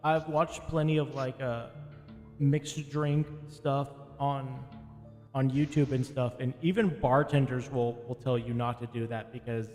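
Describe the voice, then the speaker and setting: A man's voice: mid-range voice, fairly even intonation, darkish tone, soft background music. Guy gm-ing a tabletop game, rambly, keeps restarting, echoey hall sound. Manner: rambling, halting, lots of restarts. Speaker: game master.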